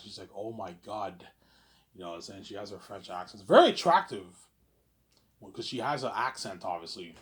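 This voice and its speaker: A man speaks to camera in a loose, rambling monologue. He stutters through filler words and repeats himself often, with a middling voice and an everyday delivery. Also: mid-range voice. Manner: stammering, repeats words, keeps saying "obviously". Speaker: vlogger.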